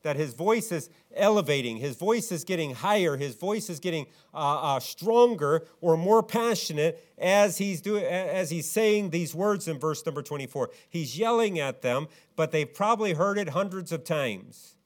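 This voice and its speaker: A male pastor delivering a sermon, full of rhetorical questions, swinging between loud, emphatic rises and quiet, low stretches. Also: animated, moderate pace, few pauses.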